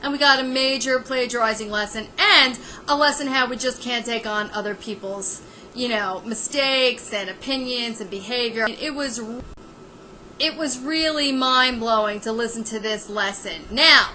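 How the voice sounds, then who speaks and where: A woman vlogger delivers a sarcastic comedic rant. Her voice sits high and cuts through with a very bright, forceful edge. She sounds exasperated, and a faint hiss of noise runs behind her. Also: moderate pace, rough recording.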